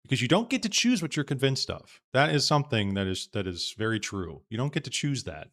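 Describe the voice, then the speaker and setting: A man's voice: medium pitch, very animated, fairly quick, a bit bright. A man hosting a live podcast, thinking aloud in a casual, rambling way with frequent restarts. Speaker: podcast host. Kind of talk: casual live-stream commentary.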